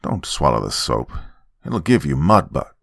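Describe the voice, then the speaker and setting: A man voicing a stern, teasing middle-aged father with a gravelly voice and a mocking manner. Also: extremely low pitch, sing-song, unhurried, no room sound, studio quality, pitched below the performer's own voice, full character voice. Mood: smug.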